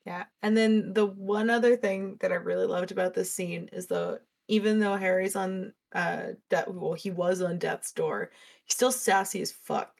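A young woman talking on a book podcast in a casual, earnest way. She shows her feelings openly and swears now and then. Her voice has an everyday mid pitch. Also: fairly even intonation, moderate pace, vocal fry, a little mellow. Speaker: podcast co-host.

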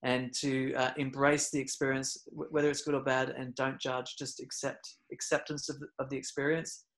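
A man, a podcast guest, telling a personal story in casual talk, full of fillers and restarts, and getting loud and animated at the dramatic moments. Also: medium pitch, normal speed. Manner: rambling, many fillers and restarts; gets loud and animated retelling scary moments.

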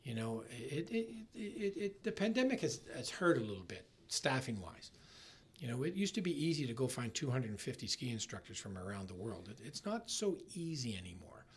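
A middle-aged man in a casual interview, talking in halting bursts with many restarts and trailing off softly. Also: mid-range voice, big pitch swings, slight background noise. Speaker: ski resort marketing executive, guest.

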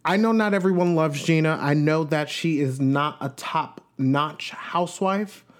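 A podcast host from Long Island, New York, gives a chatty, gossipy recap of a reality show, sprinkling in playful asides. His voice is fairly high and his pace unhurried.

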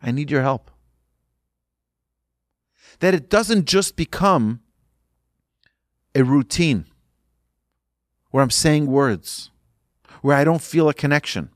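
A man's voice: a little high, expressive, slow, long pauses, no room sound, clean studio sound. A man giving an urgent sermon as a religious teacher, emphatic and repeating his points.

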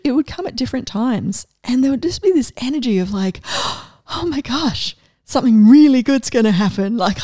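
A middle-aged woman coach giving a casual, enthusiastic inspirational talk, animated and laughing often. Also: on the high side, dry recording, studio quality.

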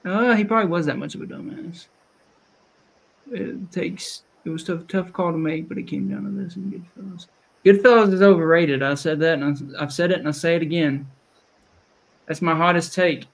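A man's voice: sits high, normal speed, creaky. A man with a Southern US accent hosting a podcast, rambling and chatty, often restarting his sentences. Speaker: podcast host. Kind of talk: casual chat.

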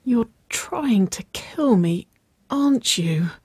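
A reader voicing a smitten, flustered young woman who speaks in hushed, strained whispers in a storybook reading. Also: mid-range voice, fairly even intonation, a little slow, vocal fry, slightly rough, no room sound, studio quality.

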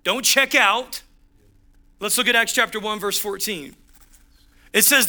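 A man's voice: high voice, normal speed, pauses often, pushed and bright. A man preaching a sermon as pastor, driving home points with punchy repeated phrases and acting out the voices in his stories.

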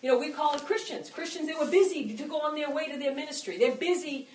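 Middle-aged female preacher, fervent and chatty, fairly high voice, distant mic in a roomy hall. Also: fast, a little mellow. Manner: impassioned, conversational, acts out quoted prayers. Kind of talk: sermon. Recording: echoey room, mic at a distance.

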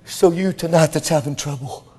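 A man preaching a revival sermon, swinging between shouting and hushed whispers. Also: a little high, moderate pace, slightly rough, long reverb tail. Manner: addresses congregation members as brother. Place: church.

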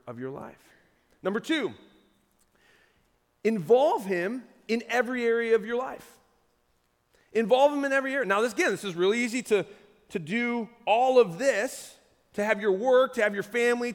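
A man preaching a sermon as pastor, telling a story with lively quoted voices. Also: sits high, big-room sound.

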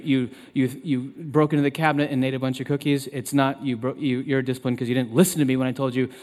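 A man in his thirties preaching a sermon as pastor, turning loud and emphatic when he quotes scripture. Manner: emphatic, loud and high when quoting God. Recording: long reverb of a large hall.

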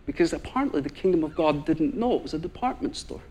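Fast and on the high side, a Northern Irish man preaches as a guest, with slight background noise in the recording. He tells a story in his sermon with animation, acting out the people he quotes.

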